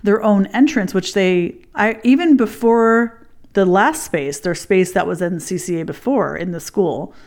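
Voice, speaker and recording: Woman, casual chat, rambling storyteller, swears a lot, mid-pitched voice. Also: a little slow, darkish tone.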